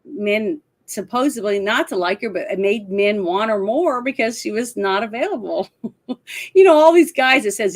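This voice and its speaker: A woman's voice: medium pitch, animated, moderate pace. A woman co-hosting a casual talk show, retelling film scenes with lots of laughter. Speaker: podcast co-host. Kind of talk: casual chat about a film.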